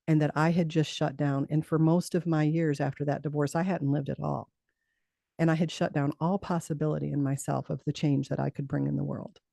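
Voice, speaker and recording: Gravelly, mellow-voiced woman telling her story. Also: low voice, no room sound, studio quality. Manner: earnest, acts out quoted dialogue. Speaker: interview guest. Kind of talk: personal storytelling in conversation.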